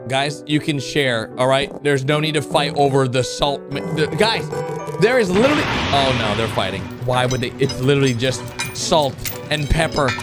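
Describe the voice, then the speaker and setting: A YouTube reaction host giving excitable commentary over cartoon clips, often breaking into high shouts and laughter. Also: normal speed, hardly any pauses, music in the background.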